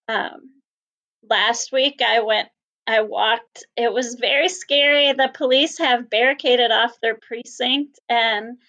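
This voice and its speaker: A woman from the Salvation Army answering interview questions sincerely, with frequent pauses and ums. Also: on the high side, sharp tone, dull audio.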